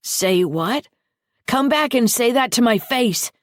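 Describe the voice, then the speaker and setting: Woman voicing a shrill indignant teen schoolboy. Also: animated, measured pace, slightly rough, no room sound, studio quality, heavily acted. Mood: furious. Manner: shrill, threatening, shouting. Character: rich teenage schoolboy, indignant, voice cracking.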